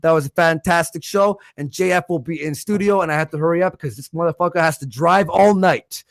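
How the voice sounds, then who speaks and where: A man hosting a livestream, quickly reading out viewer donations and their messages in a casual way. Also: a little high, creaky, no room sound, clean studio sound. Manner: rattles off donor names and messages. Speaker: livestream host.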